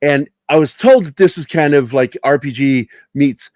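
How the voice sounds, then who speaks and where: A man's voice: on the high side, moderate pace, a little mellow, dry recording, clean studio sound. A man talking as a guest in a casual chat. He rambles, laughs often and swears freely.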